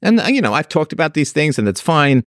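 A man's voice: a little high, big pitch swings, fast talker, no room sound, studio quality. A man hosting a livestream, delivering an opinionated monologue to his chat in a sarcastic, mocking way. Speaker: livestream host.

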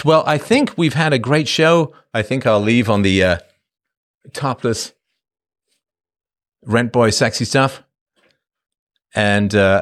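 A man in his fifties hosting a casual livestream, talking loosely and playfully, joking with viewers and slipping into silly voices. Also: mid-range voice. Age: 50s. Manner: playful, jokey, slips into silly put-on voices. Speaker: livestream host.

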